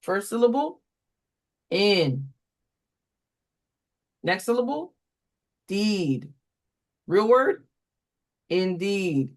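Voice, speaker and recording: A reading tutor runs a phonics walkthrough at an unhurried pace, giving short, deliberate prompts. Each word is spelled out and then given an example, with the occasional quicker aside to explain how to run the drill. The voice sits at a middle pitch. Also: sing-song. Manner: slow, deliberate call-and-response prompting.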